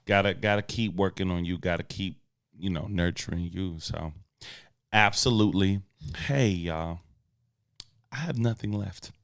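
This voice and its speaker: A man's voice: low-pitched, normal speed, a bit bright, clean tone, no room sound, studio quality. A man co-hosting a podcast in casual chat, laid-back and slangy with a playful edge. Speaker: podcast co-host.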